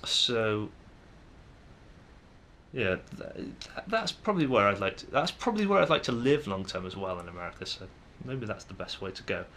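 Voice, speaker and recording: A young man with a Manchester accent talks to camera in a casual vlog, his voice sitting fairly low. He thinks aloud as he goes, stopping and restarting with plenty of ums. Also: animated, moderate pace, fairly bright tone, slight background noise. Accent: Manchester English. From England. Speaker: vlogger. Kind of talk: casual musing monologue to camera.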